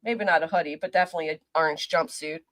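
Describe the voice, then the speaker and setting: A woman's voice: low voice, steady tone, very fast, no echo. Woman livestream host, casual and chatty, roll-call greetings, dry close sound. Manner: chatty and friendly, reading out viewer names. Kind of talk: casual chat greeting live viewers. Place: apartment.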